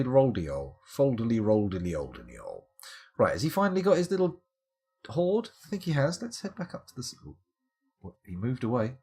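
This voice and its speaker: Man, game streamer, husky voice, lively pitch, wry asides. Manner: wry, rambling, self-mocking asides. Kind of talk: live-stream game commentary.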